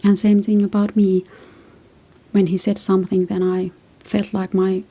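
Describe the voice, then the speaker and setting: Husky, gravelly woman giving gentle advice. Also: medium pitch, flat delivery, measured pace. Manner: reflective, tells personal stories. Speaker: relationship advice host. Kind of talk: casual advice talk.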